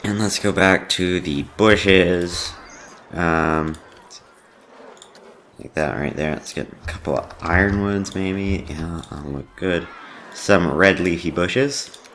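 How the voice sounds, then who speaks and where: A man's voice: sits low, slow pace, fairly bright tone, a little hiss or hum. A man casually commenting on his own park-building game, rambling with many fillers and self-deprecating asides. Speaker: let's play host.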